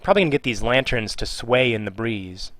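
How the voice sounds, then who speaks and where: A man's voice: medium pitch, expressive, a little fast, fairly bright tone, no room sound. A man on a live stream, reading out viewer questions and answering with jokes, trailing off and muttering while he works. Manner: jokey, reads viewer questions aloud. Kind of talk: casual live-stream chat.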